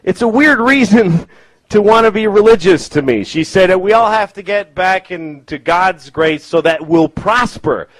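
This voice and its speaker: Stand-up comic man, fairly high voice with lots of swing, rambling, profane and self-mocking in a club set. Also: lively intonation, a little slow, no echo, poor audio. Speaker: stand-up comedian. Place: comedy club.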